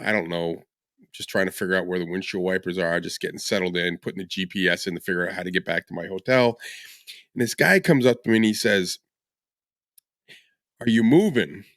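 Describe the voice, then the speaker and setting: Animated male podcast host telling stories. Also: low-pitched, fast, no echo, studio quality. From northern United States. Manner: animated storyteller who acts out quoted people and laughs often. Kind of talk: casual storytelling chat.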